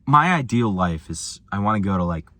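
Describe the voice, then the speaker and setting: A young American man, a vlogger, tells travel stories and rants about boredom in a loose, slangy style at a moderate pace. He's animated, swinging from low mumbles to high exclamations, and the recording is dry.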